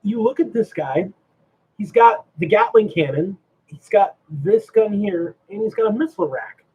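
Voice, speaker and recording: A man hosting a casual livestream chat, animated and asking himself rhetorical questions. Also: high-pitched, moderate pace, husky, phone-quality sound. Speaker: stream host.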